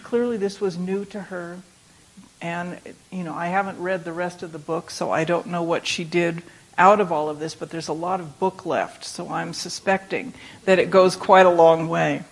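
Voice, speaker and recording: A woman reading aloud from a memoir in a calm, measured way, then reflecting on it as a meditation teacher. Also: lowish voice.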